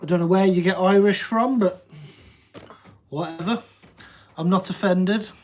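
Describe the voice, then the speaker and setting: A man's voice: sits high, unhurried, a little mellow. A man with a Midlands accent from around Telford, with a slight Welsh tinge, chatting casually on a livestream and answering viewer comments in an easygoing, jokey way. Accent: Midlands English, Telford, with a slight Welsh tinge. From Telford, English Midlands. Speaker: livestream host.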